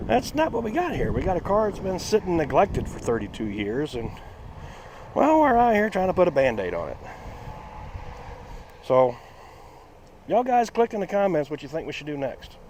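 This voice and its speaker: A man hosting a casual car-restoration vlog outdoors. He talks in a chatty, folksy way and swings between a high, excited voice and a flat one. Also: slight background noise. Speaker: channel host.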